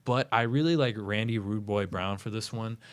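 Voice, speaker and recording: A man's voice: fairly low pitch, moderate pace, clear, resonant tone. A man co-hosting a casual sports betting show, breaking down upcoming fights with lots of restarts and "you know". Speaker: co-host giving fight picks.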